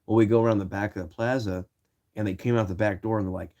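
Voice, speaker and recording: Laid-back low-voiced young man from Ohio. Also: flat delivery, a little fast. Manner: loose, swearing, acts out quoted shouts. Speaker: streamer. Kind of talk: casual storytelling.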